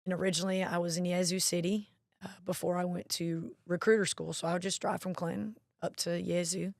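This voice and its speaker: A woman's voice: fairly low pitch, flat delivery, a little fast, creaky, no room sound, studio quality. A woman, a National Guard marketing director telling stories as an interview guest. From Mississippi. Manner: chatty storyteller, acts out quoted voices. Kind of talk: casual interview chat.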